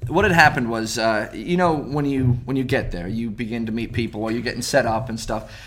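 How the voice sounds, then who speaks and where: A man's voice: medium pitch, a little fast, fairly bright tone. Chatty man telling stage stories. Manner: chatty storyteller, many restarts. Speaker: stage mind reader. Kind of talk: casual podcast chat.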